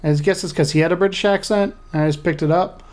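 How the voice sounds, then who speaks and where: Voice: mid-range voice, steady tone, fast talker, darkish tone. A gamer casually commenting on their own play, chatty and talking to the screen. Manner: chatty, talks to self and the game. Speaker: let's play host.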